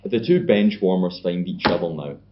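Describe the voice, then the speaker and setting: A man's voice: low-pitched, animated, moderate pace, background noise. A young Scottish man co-hosting a podcast, bantering casually and swearing freely as he recaps a film. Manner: banterous, swearing, acts out scenes in put-on voices. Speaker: podcast co-host. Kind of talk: casual chat. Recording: dull lo-fi sound.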